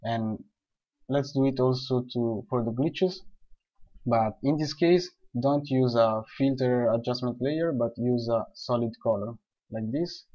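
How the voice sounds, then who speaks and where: A man calmly explaining software steps one by one in a screen-recorded tutorial. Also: medium pitch, measured pace. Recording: dull lo-fi voice recording.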